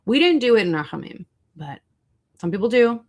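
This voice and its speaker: A woman's voice: mid-range voice, big pitch swings, brisk, a little mellow. A woman hosting a casual livestream, chatting with viewers and looking up foods online as she talks. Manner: chatty, reacts to chat and searches food online. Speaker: livestream host.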